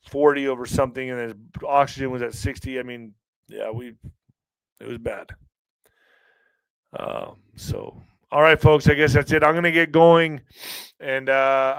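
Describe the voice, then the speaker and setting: A man's voice: mid-range voice, fairly bright tone, clear, resonant tone, no echo, low-quality recording. Weary, earnest man hosting a livestream. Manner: rambling, earnest, halting with restarts. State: emotionally strained and weary. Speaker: livestream podcast host. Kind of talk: casual livestream chat reading viewer comments.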